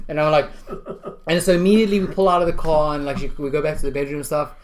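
A man's voice: on the high side, racing. A young man telling a crude, rambling story with lots of swearing, laughing as he goes.

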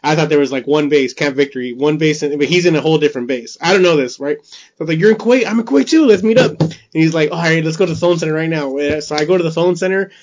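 A man spins a story on a casual podcast at a rapid clip, switching into other people's voices and laughing as he goes. His voice sits a touch high. The recording is dull and lo-fi. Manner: animated storyteller, acts out voices, laughs often, swears freely. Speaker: podcast co-host.

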